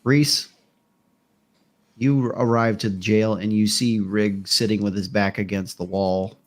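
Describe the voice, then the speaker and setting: A man serving as game master, narrating a tabletop game in a relaxed, plain-spoken way. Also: lowish voice, unhurried.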